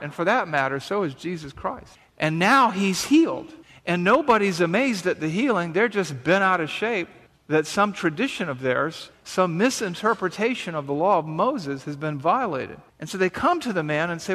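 A man preaches a sermon, moving from scripture reading into a talky, conversational explanation full of rhetorical questions. His voice sits a little high for a man. The sound carries a long reverb. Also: a bit bright. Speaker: pastor.

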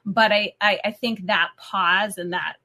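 A woman's voice: medium pitch, steady tone, a little slow, bright, forceful tone. A middle-aged woman co-hosting a casual faith talk, telling an emotional story in a chatty way.

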